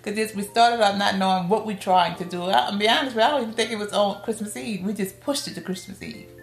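A middle-aged woman with a New Orleans accent is a guest on a podcast, spinning family stories in a lively, casual interview and acting out her relatives' lines with big leaps in pitch. She talks quickly with some vocal fry. The room sounds roomy, with faint music in the background.

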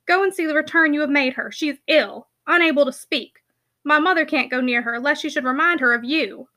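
A woman reading the lines of a stern, unforgiving young man in an audiobook, with a harsh, accusing delivery in her own high, bright voice. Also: brisk. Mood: cold accusing. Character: stern older brother, cold and unforgiving.

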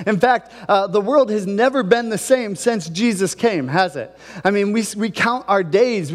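A male pastor from Ohio gives a relaxed, chatty sermon and keeps asking his listeners questions. His voice sits high for a man. The sound rings with the long reverb of a church hall. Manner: conversational, asks the congregation questions.

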